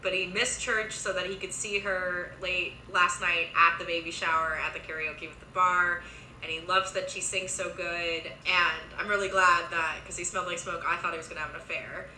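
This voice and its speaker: Young woman, chatty recap, very bright voice, echoey room, slightly low pitch. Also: steady tone, slight background noise. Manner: chatty, quick asides, lots of "like". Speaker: reviewer recapping a TV series. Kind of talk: casual recap and commentary.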